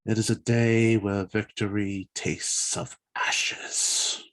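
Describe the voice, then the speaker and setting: A man's voice: medium pitch, moderate pace, darkish tone, natural voice. A man reading the part of a cold, sardonic alien male officer who speaks in a dry, formal way. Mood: defeated. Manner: dry, formal, without contractions.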